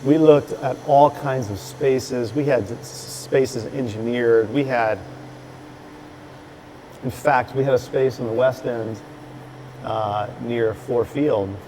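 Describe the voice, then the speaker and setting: A man tells a long story in a casual chat, bringing each character in it to life with quick quoted lines and lively restarts. He is recorded in his brewery, where a faint hum of the room stays underneath his voice. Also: medium pitch. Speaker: brewery owner, guest.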